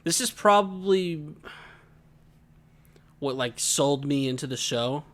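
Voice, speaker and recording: A man co-hosting a casual podcast, telling a family story in a lively way and laughing as he goes. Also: a little high, slow. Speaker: podcast co-host. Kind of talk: casual chat.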